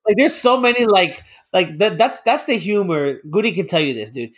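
A man with a high voice talks excitedly in a loose, casual chat. He laughs often and swears freely as the conversation rolls on. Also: moderate pace. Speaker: podcast co-host.

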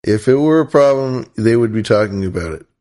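A man's voice: lowish voice, animated, brisk, a little mellow. A man from the US West Coast hosting a podcast, chatting casually in a rambling, playful way with many restarts. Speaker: podcast host. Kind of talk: casual chat.

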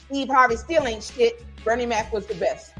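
A woman's voice: fairly high pitch, normal speed, bright, forceful tone, faint music behind. A woman doing an impression of a famous male comedian, reading out a clipped list. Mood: mock-serious.

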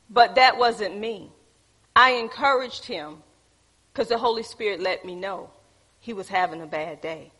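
A woman's voice: mid-range voice, unhurried, bright, forceful tone, breathy edge. A woman teaching a church group, preachy and calling on the audience. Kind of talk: teaching talk with congregation.

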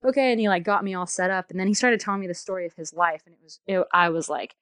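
A woman's voice: fairly low pitch, steady tone, fast talker, a bit bright, no room sound. A woman telling a travel story in a casual, chatty way, full of fillers and laughter.

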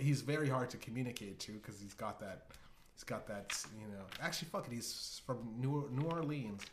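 A man's voice: mid-range voice, brisk. A man hosting a casual comedy show, riffing in a rambling, profane way with many restarts. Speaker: host. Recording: echoey room with faint hiss.

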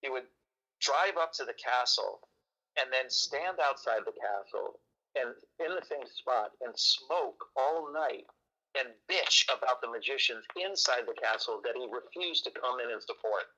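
A man, a magician, telling a story in a casual chat, animated and joking, in a dull lo-fi recording. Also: mid-range voice, measured pace.

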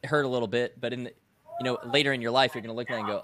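A man's voice: mid-range voice, fairly even intonation, very fast, noisy background. A man, a podcast co-host who serves as a National Guard commander, talking earnestly and reflectively about leadership. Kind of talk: casual podcast discussion.

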